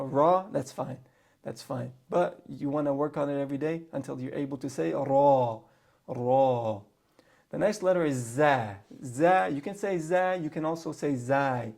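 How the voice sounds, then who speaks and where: Guy teaching letters, gravelly voice, a bit high, repeats sounds over and over. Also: a little mellow. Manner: patient, repeats sounds for practice. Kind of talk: spoken lesson.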